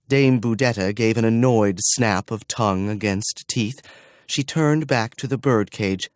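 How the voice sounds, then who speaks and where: With a lowish voice, a man narrates a fantasy audiobook from a script, his storytelling measured and steady. The studio-quality recording has no echo.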